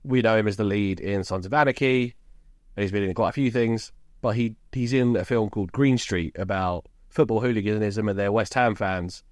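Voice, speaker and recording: A man talks through a film like a friend telling a story, easy and chatty. His voice sits a little low. The recording is dry and close, with no room sound. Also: moderate pace, a little mellow, no room sound. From England, around London. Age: 30s. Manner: chatty storyteller, recaps scenes with laughs. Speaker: podcast co-host. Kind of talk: casual film-discussion chat.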